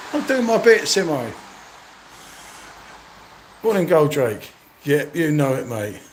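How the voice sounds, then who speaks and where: Slightly high, very animated yet very slow with long pauses, a middle-aged man's voice carries a little hiss or hum on his handheld phone. He livestreams a walk around an indoor museum with old exhibits, marvelling and chatting with viewers by name.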